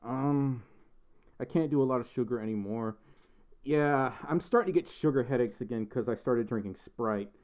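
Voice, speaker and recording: A man's voice: medium pitch, normal speed, a little mellow. A young man hosting a casual livestream, reading viewer messages aloud in a rambling, giggly way full of ums and restarts. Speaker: livestream host.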